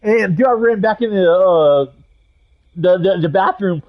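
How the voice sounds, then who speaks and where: A man's voice: sits high, brisk, phone-quality sound. A man who games on stream, telling an army story in a profane, rambling way, full of fillers and restarts. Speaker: gaming streamer and army veteran. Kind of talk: casual anecdote told while gaming.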